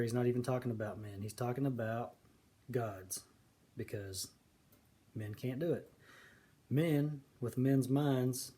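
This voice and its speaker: A man giving casual, earnest commentary on scripture, stressing key words slowly. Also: medium pitch, warm tone. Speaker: video preacher.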